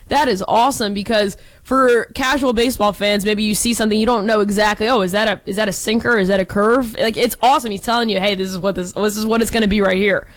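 Female sports co-host, emphatic and upbeat, chatty delivery. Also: on the high side. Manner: enthusiastic, emphatic. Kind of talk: casual sports talk.

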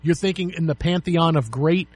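Middle-aged guy on sports radio, kinda high husky voice, dry close mic, tells stories doing everyone's voices. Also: moderate pace, no room sound. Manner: animated storyteller, acts out quotes. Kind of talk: casual sports talk.

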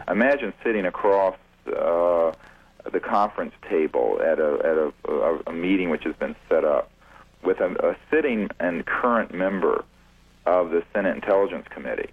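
A man being interviewed on the radio as a UFO researcher, talking deliberately with many fillers and restarts. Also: low voice, husky. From United States. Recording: tinny phone line.

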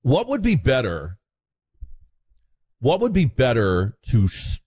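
A man's voice: medium pitch, wildly swooping pitch, takes it slowly, pauses often, dark tone, husky. A man hosting a talk radio show, delivering an opinionated, sarcastic monologue with frequent restarts.

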